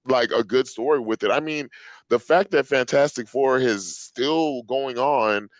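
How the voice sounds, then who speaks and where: A man on a podcast panel talks with blunt, crude emphasis and laughs often. His mid-pitched voice sits close and dry, with no room sound around it. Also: unhurried, no echo, low-quality recording. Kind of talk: casual chat.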